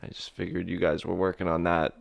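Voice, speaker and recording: Low gravelly man in a dry room. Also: flat delivery, quick pace, dry recording. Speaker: podcast co-host. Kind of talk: improvised comedy chat.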